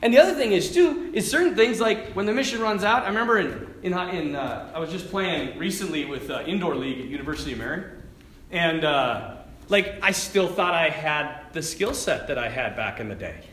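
A middle-aged man giving a lively faith talk to a live audience, telling stories and tossing asides to the listeners. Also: on the high side, a little fast, slight background noise. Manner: animated storytelling with asides to the audience. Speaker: Catholic speaker. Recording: echoey hall with faint ambience.

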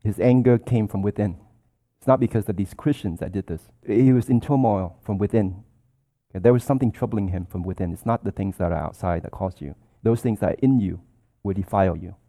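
A man's voice: lowish voice, fairly quick, warm tone. A man preaching a sermon, explaining scripture in an earnest, explanatory way and quoting verses.

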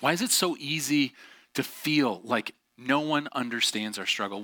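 A man's voice: medium pitch, normal speed, sharp tone, no room sound, studio quality. A middle-aged male pastor preaching a sermon, telling a personal story candidly with self-deprecating asides and plenty of fillers.

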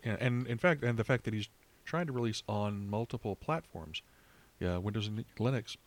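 Male podcast co-host, lower voice, talks things through at length with restarts, on a call. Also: moderate pace. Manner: thoughtful, rambling with restarts. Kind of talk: casual chat. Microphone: online call.

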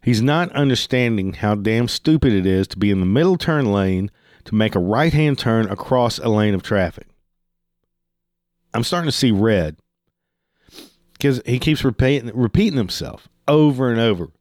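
A man's voice: mid-range voice, animated, moderate pace, darkish tone, dry recording, clean studio sound. A man telling a heated, profane story in a casual storytelling style, swearing freely.

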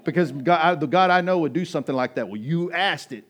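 A pastor delivering a sermon as an animated, emphatic storyteller, a man whose voice swings between hushed and loud. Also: fairly high pitch, a little fast, few pauses.

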